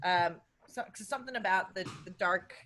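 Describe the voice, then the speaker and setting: A woman's voice: mid-range voice, moderate pace, pushed and bright. A young adult woman co-hosting a casual whisky-tasting chat, chatty and sassy. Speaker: podcast co-host.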